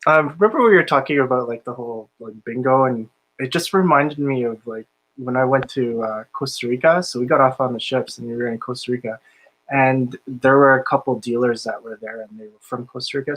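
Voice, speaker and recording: A man's voice: mid-range voice, a bit bright, poor audio. A man hosting a casual podcast about casino games, laid-back and laughing often, with lots of filler words. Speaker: podcast host, casino dealer. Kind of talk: casual chat.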